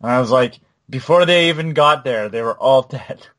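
A man in casual podcast chat about a video game, halting and full of fillers, laughing now and then as he tells stories. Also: mid-range voice, fairly bright tone. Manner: halting, lots of fillers and restarts, laughs while telling.

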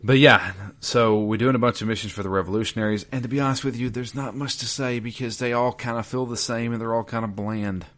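A man in casual podcast chat, recapping a video game in a relaxed, rambling way with lots of fillers. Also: medium pitch, fast, hardly any pauses.

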